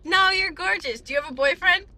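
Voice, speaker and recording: A woman quoting a flirty male drive-thru worker in her own eager, high voice. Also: brisk, heavily acted. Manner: eager, flattering.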